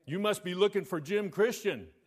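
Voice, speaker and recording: A preacher doing a slow, deadpan farmer man. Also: high voice, slightly rough, pitched above the performer's own voice. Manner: slow, flat monotone. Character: drawling, unbothered old male farmer.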